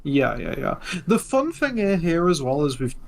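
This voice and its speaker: A man's voice: on the high side, big pitch swings, normal speed, gravelly. A man co-hosting casual card-game commentary, analytical and thinking aloud through each play. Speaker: co-host.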